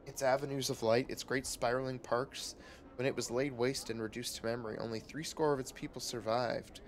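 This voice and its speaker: A man voicing a hoarse, grieving male holy crier who speaks in a slow, solemn way. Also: mid-range voice, steady tone, a little hiss or hum, lightly acted. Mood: mournful.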